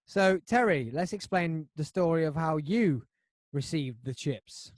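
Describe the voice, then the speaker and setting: Rambling man, fairly high voice. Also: unhurried, dry recording, clean studio sound. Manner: rambling, animated storytelling with restarts. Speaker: podcast host. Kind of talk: casual chat.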